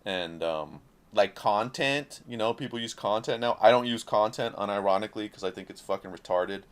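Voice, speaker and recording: A man's voice: on the low side, fairly even intonation, a little fast. A man giving a passionate, profane, rambling monologue as an independent creator speaking to camera. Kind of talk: casual talking-head monologue.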